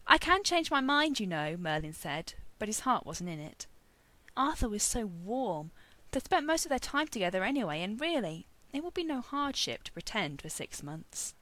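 A woman reading a story aloud as narrator, expressive and wry. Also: mid-range voice, moderate pace.

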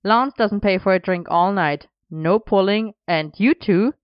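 A boisterous, bossy man, crowing and wry as he insists on his rules, as a woman narrator puts him on. Smooth, clear voice in a dry, slightly dull recording. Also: mid-range voice, unhurried, no room sound, close to an everyday voice. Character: boisterous, bossy older-brother type man.

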